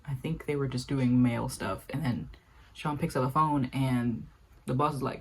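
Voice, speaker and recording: A young woman talks through a casual vlog rant in a low voice with a husky edge. She is animated and exasperated, often leaping high in pitch as she acts out the quotes she is retelling. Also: normal speed. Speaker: video essay creator. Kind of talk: casual commentary.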